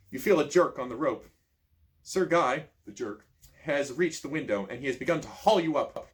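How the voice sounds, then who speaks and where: A man reading a choose-your-own-adventure book aloud in an expressive storytelling manner, adding casual asides. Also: on the high side. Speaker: reader, channel host.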